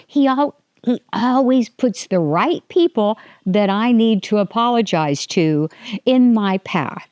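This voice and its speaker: A woman's voice: mid-range voice, darkish tone, clean tone, dry recording, studio quality. An older woman hosting a casual faith podcast, rambling and restarting her sentences, often laughing. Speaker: podcast host.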